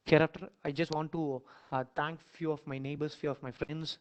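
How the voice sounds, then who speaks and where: A man with an Indian English accent, lecturing and leading listeners through a dramatic imagined scene, repeating phrases and surging loud in emotional stretches. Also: on the high side, little pitch movement, moderate pace, lo-fi sound. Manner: dramatic, repetitive, rising to near-shouts in emotional passages. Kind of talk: guided imagination exercise in a lecture.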